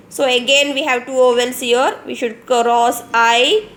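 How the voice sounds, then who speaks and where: Speaking slowly in a high, slightly bright voice, this woman teaches an online phonics lesson for young children. She has an Indian English accent and works as a kindergarten teacher, patiently spelling out and repeating words one letter at a time.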